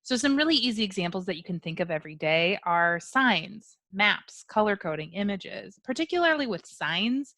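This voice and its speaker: A woman's voice: medium pitch, sing-song, moderate pace, hardly any pauses, a bit bright, no room sound, clean studio sound. A woman giving a training webinar on dementia communication, explaining step by step with analogies and examples. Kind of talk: webinar presentation.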